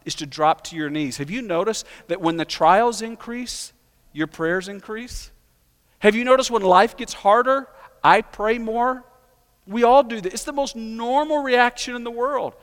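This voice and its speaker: A man's voice: sits high, a bit bright. A man preaching a sermon as pastor, telling stories and building to emphatic peaks. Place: church sanctuary. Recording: long hall reverb.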